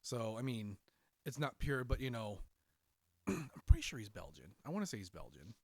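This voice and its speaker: A man co-hosting a podcast in casual chat, telling stories in an animated way and laughing often. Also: mid-range voice, normal speed, vocal fry, no room sound. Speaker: podcast co-host.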